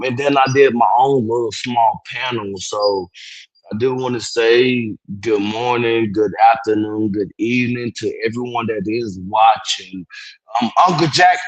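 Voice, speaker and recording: A man's voice: fairly low pitch, no echo, poor audio. Sleepy young man rambling on stream. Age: young adult. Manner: rambling, apologetic, loose and profane. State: sleepy, yawning. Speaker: livestreamer. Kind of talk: casual live-stream chat. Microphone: phone.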